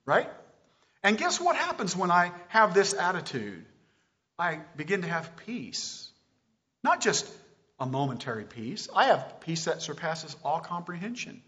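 A man preaching a sermon to a congregation, animated and often asking them questions. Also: high voice, a little slow, lo-fi sound. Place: church hall with live stream.

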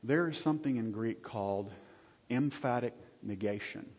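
Man, pastor, casual sermon, asks the room questions, husky, echoing church hall. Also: medium pitch, moderate pace, a little mellow. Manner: conversational, jokes with the congregation; asks the audience frequent check-in questions. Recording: husky voice, long hall reverb, dull lo-fi sound.

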